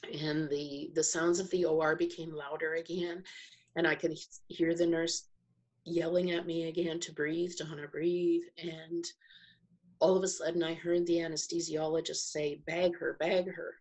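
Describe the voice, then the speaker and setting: A middle-aged woman telling a personal story as a podcast guest, slow and reflective, pausing and restarting as she searches for words. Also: level tone, darkish tone. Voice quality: low, husky voice with gravelly fry. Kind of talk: personal testimony in an interview.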